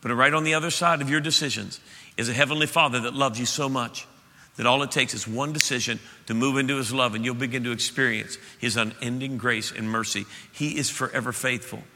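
A male pastor preaching an impassioned sermon to his church, swelling to loud peaks. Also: medium pitch, steady tone, brisk, slight background noise. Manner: impassioned, rising to shouts at peaks. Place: church auditorium. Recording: reverberant church hall.

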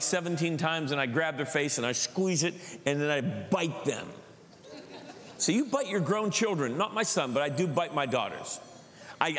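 A middle-aged male pastor preaches a sermon, telling a family story with frequently repeated words and restarts. His voice is on the high side and a bit bright, with long hall reverb on the recording.

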